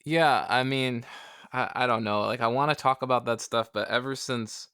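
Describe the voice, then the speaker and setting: A man's voice: medium pitch, steady tone, moderate pace, pushed and bright, smooth, no echo, clean studio sound. A man co-hosting a casual comics podcast, rambling and joking at his own expense. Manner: rambling, joking, self-deprecating. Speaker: podcast co-host. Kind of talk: casual chat.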